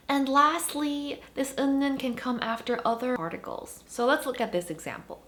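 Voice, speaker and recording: A woman teaching a language grammar lesson, explaining points with animated emphasis. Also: fairly high pitch, normal speed.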